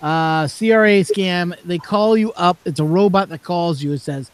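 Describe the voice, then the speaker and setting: High-voiced chatty man. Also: normal speed, hardly any pauses, smooth. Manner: chatty storyteller, plays out phone calls. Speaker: channel host. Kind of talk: casual chat.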